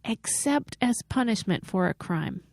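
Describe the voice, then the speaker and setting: A woman's voice: medium pitch, sing-song, unhurried, creaky, a little mellow, dry recording, clean studio sound. A woman co-hosting a comedy podcast, chatting casually and making her points between jokes. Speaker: podcast co-host.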